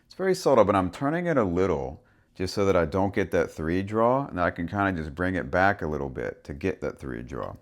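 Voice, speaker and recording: Low-voiced man teaching harmonica. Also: brisk. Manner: relaxed, thinking aloud, speaks rhythm syllables and soft whispers. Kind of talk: instructional explanation with vocal rhythm demonstrations.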